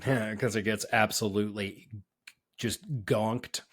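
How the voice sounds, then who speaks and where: A man's voice: on the low side, fairly even intonation, takes it slowly, fairly bright tone. Teasing young man co-hosting a podcast. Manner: teasing, dry banter. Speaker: podcast co-host. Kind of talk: casual podcast chat.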